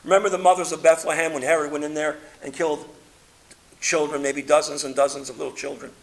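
A man preaching a sermon, reading scripture aloud and swinging between loud emphatic peaks and quiet low passages. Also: little pitch movement, fast talker, gravelly. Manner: reads scripture aloud in King James wording.

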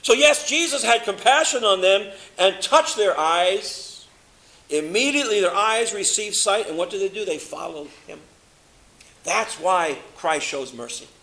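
Male preacher with a high, bright voice; dramatic sermon delivery, stretching key words. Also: expressive. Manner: dramatic, swings from loud emphasis to low hushed delivery, slows for stress.

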